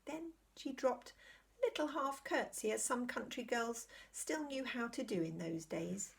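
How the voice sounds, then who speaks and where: A woman reading a children's novel aloud in a gentle, measured storytelling manner. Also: on the high side, animated, gravelly, breathy edge. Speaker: storybook reader.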